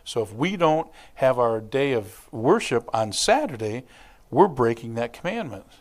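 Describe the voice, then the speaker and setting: A man preaching as a church pastor, in a conversational, animated manner, acting out little quotes and scenes as he explains scripture. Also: mid-range voice, a little slow. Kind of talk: sermon.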